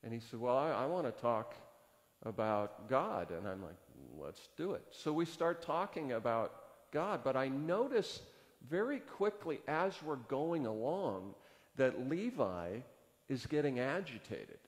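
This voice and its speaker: A male pastor telling a story from the pulpit in an unhurried way, his pitch swinging widely as he acts out the dialogue. The sound carries a long church reverb. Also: big pitch swings. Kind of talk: sermon storytelling. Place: church sanctuary.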